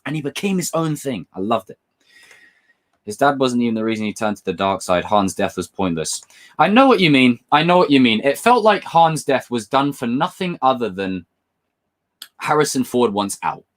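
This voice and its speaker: A man hosting a casual livestream, reading chat messages aloud and talking with excitement and the odd swear word. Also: medium pitch. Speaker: livestream host.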